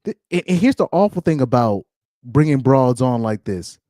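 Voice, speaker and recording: Ranting man, mellow voice, lively pitch. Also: moderate pace, no room sound, studio quality. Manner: blunt, ranting, laughs often. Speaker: commentary streamer. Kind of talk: casual reaction commentary.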